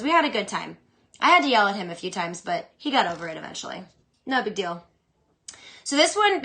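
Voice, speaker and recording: A young adult woman hosts a casual solo chat, opinionated and animated, tossing off quick asides as she answers questions. Her voice sits a little high and sounds bright and forceful. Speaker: fantasy football podcast host.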